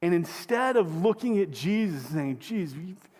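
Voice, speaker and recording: High-voiced man preaching in a reverberant hall. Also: big pitch swings, moderate pace, darkish tone. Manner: conversational preaching, asks the congregation questions. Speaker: pastor. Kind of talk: sermon. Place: church sanctuary.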